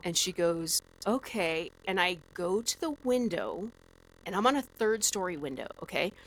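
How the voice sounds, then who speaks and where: A woman guest on a podcast, telling a story in a lively, animated way with lots of "like" fillers. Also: lowish voice, normal speed, a little hiss or hum, rough recording. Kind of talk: casual storytelling.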